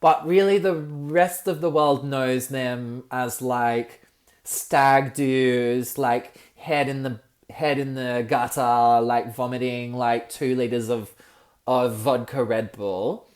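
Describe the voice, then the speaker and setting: A young Australian man hosting a solo comedic podcast, campy and expressive, ranting and swearing freely. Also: medium pitch, takes it slowly. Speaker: podcast host.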